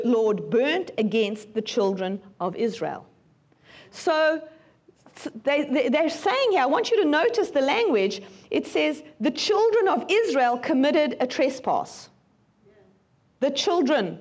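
High, lively-voiced woman preacher. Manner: animated, acts out voices in dramatic retellings. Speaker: prophet and teacher. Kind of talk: sermon Bible teaching.

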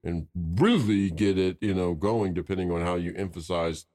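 Male co-host, lower voice, earnest and emphatic, coaching manner. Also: normal speed, darkish tone. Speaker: podcast co-host. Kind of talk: casual chat.

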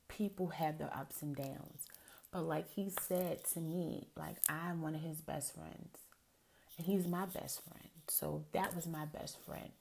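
A middle-aged woman with a low voice and gravelly fry hosts her own show. She chats casually and tells stories to her listeners, often turning to talk to them directly. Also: darkish tone, a little hiss or hum. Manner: chatty, storytelling, frequent asides to listeners. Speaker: podcast host. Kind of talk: casual solo podcast monologue.

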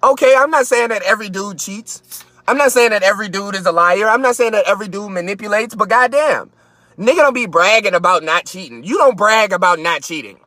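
A man hosting a live stream, ranting in a profane, mocking way from his car and sometimes breaking into shouts. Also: sits high, lively intonation, a little fast, no room sound. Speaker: podcast host.

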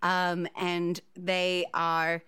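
A woman being interviewed on a podcast as a composer. She speaks in a friendly, slightly halting way. Her voice is smooth and sits a little low, and the recording is dry. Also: completely flat delivery, fairly bright tone, no room sound.

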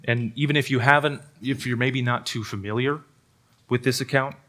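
A pastor delivers a sermon at a church service in a mid-range voice that holds a steady tone at a moderate pace, bright and forceful. He is earnest, pokes fun at himself, and often repeats words.

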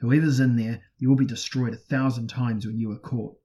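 A man voicing a ruthless sorcerer prince who hurls loud, menacing threats, in a husky voice. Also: medium pitch, steady tone, moderate pace, lightly acted.

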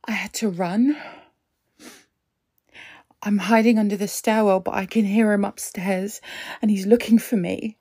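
A young woman playing a nervous young woman in danger, hesitant and soft-spoken. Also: medium pitch, fairly even intonation, unhurried, pauses often, husky. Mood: panicked. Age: young adult. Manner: hesitant and soft, breaking into panic.

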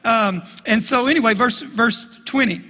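A man's voice: very high-pitched, normal speed, pushed and bright, in a large hall. A man preaching a sermon as pastor, folksy and emphatic, often pressing the crowd with "listen" and "right?". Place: church sanctuary.

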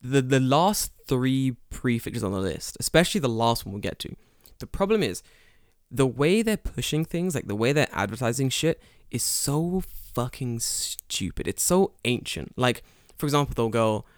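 A man's voice: medium pitch, big pitch swings, moderate pace, no echo, clean studio sound. Ranting, profane male podcast host. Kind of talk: casual podcast chat.

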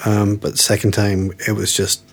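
A man hosting a podcast interview, asking questions in a halting, conversational way full of fillers. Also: fairly low pitch, completely flat delivery. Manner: hesitant, many fillers and backchannels.

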